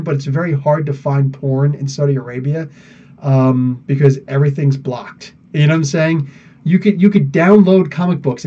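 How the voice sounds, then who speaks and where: A man's voice: a little high, warm tone, lo-fi sound. A man hosting a live podcast, rambling casually through viewer comments with lots of fillers and laughs. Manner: rambling, chatty, laughs often, many fillers. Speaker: podcast host.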